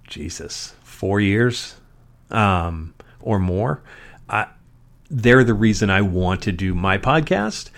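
A man hosting his own podcast, talking alone in a rambling, profane way with frequent ums. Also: lowish voice. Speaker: podcast host. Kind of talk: solo podcast monologue. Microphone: podcast mic.

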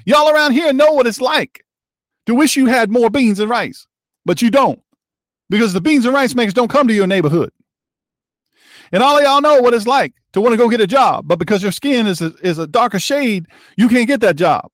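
A man's voice: very high-pitched, lively intonation, fairly quick, a bit bright, no echo, studio quality, pitched above the performer's own voice. A man putting on the voice of a fiery preacher addressing a congregation, with a rousing, sing-song sermon cadence.

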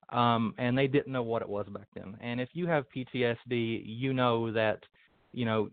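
A man's voice: mid-range voice, no room sound. Earnest male guest over a tinny line. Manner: earnest, repeats words as he builds points. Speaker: interview guest, Hellenic practitioner. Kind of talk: explanatory interview answers.

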